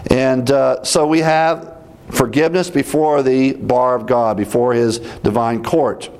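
A man teaching through Bible verses in a deliberate, emphatic way, repeating references as he goes. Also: mid-range voice, fairly even intonation, a little mellow, clean tone.

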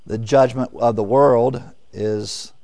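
An emphatic preacher teaching from scripture, a man whose voice sits at an ordinary middle pitch. He poses questions to his listeners and answers them himself, punching key words and then dropping into hushed asides. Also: steady tone, takes it slowly, vocal fry. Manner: emphatic, swings between loud stresses and quiet asides. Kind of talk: sermon, verse-by-verse teaching.

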